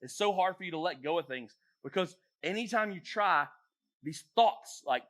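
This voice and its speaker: A man, a youth pastor, giving a joking, animated talk to teenage girls in a church youth room. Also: sits high, normal speed. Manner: jokey, animated, acts out voices. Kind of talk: casual talk to teens.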